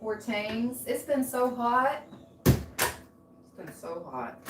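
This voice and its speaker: A woman's voice: sits high, huge pitch swings, drawn-out words, long pauses, slight background noise. A woman giving a tarot reading in a casual, chatty way, easily distracted and often exclaiming aloud. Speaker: tarot reader. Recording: echoey room.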